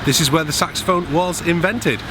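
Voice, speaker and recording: A man's voice: on the high side, fairly quick. A man telling stories in a chatty, joking way for his vlog. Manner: chatty, jokey. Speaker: vlogger and saxophonist. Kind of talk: casual vlog storytelling. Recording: outdoor street and traffic noise.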